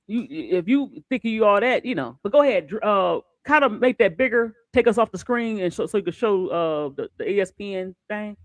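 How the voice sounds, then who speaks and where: Give me a high-voiced man hosting a sports talk stream, animated, dry close mic. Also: dry recording. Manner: animated, repeats words when excited. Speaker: show host.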